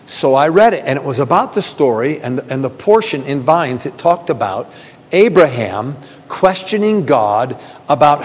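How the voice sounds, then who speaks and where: A man preaching a sermon, asking rhetorical questions and repeating phrases, building from soft talk to emphatic calls. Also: medium pitch, sing-song, normal speed, slightly rough. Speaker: pastor. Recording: long reverb of a large hall.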